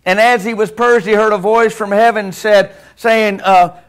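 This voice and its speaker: A pastor with a fairly high voice delivers a sermon in a church sanctuary, preaching conversationally and asking the congregation questions. His tone is steady and a bit bright, and he speaks at a normal speed.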